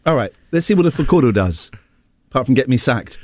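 A man's voice: mid-range voice, very animated, fast talker, darkish tone. A man hosting a radio show, joking and rambling playfully with his co-hosts. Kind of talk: casual on-air banter.

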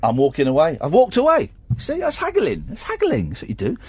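A man's voice: a little high, huge pitch swings, a little fast, darkish tone, breathy edge, no room sound. A man hosting a late-night phone-in show, bantering in a jokey, mock-tough way at a studio microphone. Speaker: radio host.

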